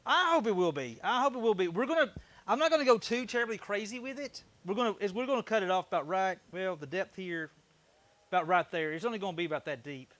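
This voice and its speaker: A man's voice: sits high, lively intonation, fast, a bit bright, no echo. A middle-aged man chatting casually on a live stream while working in his wood shop, joking and thanking viewers. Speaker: woodworking streamer.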